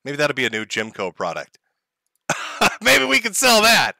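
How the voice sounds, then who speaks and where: Man on a livestream, mocking and profane, lively swinging pitch, bright voice, dry close sound. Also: a little slow, gravelly, no room sound. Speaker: streamer host. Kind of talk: livestream commentary.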